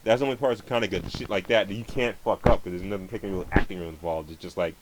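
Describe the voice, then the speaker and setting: A man with a low-pitched voice rants in a profane, rambling stream. He swears constantly and trips over his words, restarting sentences as he goes. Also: fairly even intonation, fast, heavy background noise. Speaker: vlogger ranting about movies. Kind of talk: angry profane movie rant.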